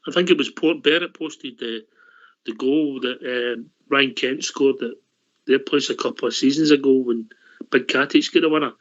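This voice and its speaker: A man's voice: medium pitch, normal speed. A man on a radio phone-in, chatting about football agreeably with hesitant restarts. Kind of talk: casual phone-in chat. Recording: dull lo-fi line.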